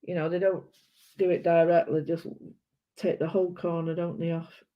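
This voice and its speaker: A woman's voice: on the low side, flat delivery, normal speed. A British woman chatting casually and rambling while she colours, often correcting herself. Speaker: art vlogger. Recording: dull lo-fi sound.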